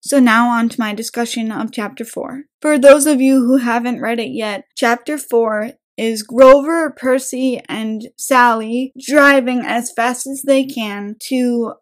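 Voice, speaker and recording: Woman podcast host, somewhat high voice, lively book recap, animated storytelling. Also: unhurried, few pauses. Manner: lively retelling, acting out quotes with bursts of energy. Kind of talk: chapter summary and discussion.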